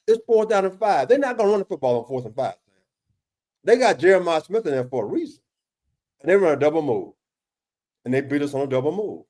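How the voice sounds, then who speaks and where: Man in a casual football film breakdown, higher-pitched with a warm mellow tone, emphatic and exasperated, restarts often. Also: very animated, fast, pauses often. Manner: emphatic, exasperated questioning, often addresses co-host by name; frequent restarts and repeated words. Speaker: football defensive analyst.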